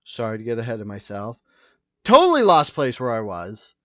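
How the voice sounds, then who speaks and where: A man hosting a solo podcast, rambling through tangents with lots of swearing, loud and wired on coffee. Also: mid-range voice, wildly swooping pitch, normal speed, no echo. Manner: rambling, tangent-prone, profane. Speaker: podcast host.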